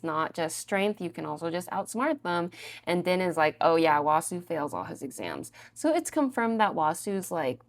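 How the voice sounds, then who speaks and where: A woman's voice: fairly low pitch, creaky. A woman casually recapping a show against its book, chatty, full of "like" fillers and the odd swear.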